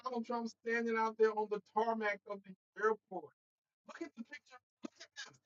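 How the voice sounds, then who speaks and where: A man hosting a casual political livestream, talking straight to his viewers in an animated way and laughing between points. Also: high voice, moderate pace, muffled recording, slight background noise. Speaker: host.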